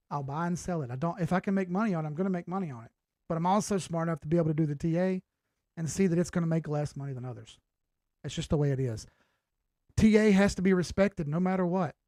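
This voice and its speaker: A man's voice: a little high, darkish tone, no echo, studio quality. A man in his late thirties hosting a casual crypto livestream, talking laid-back and straight to his viewers and swearing casually. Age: 30s. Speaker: crypto chart analyst and livestream host.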